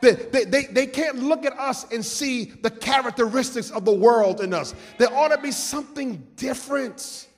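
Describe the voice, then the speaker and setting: A pastor preaching to his congregation, a man whose voice sits high for a man. He rises into sung, shouted peaks and drops to low, quick asides, and his words ring out with a long reverb. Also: soft background music. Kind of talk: sermon.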